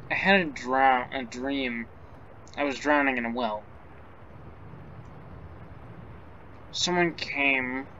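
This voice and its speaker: A fretful young woman composer stammers through her fears in a game scene, voiced by a man reading aloud. She speaks at a slow, measured pace with a mid-pitched voice. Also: sharp tone, lo-fi sound, a little hiss or hum. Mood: musing. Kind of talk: game dialogue read aloud.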